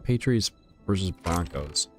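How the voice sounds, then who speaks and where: A man chatting casually on a game livestream, rambling and relaxed as he talks to his viewers while playing. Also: low voice, a little slow, faint music behind. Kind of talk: casual gaming livestream chat.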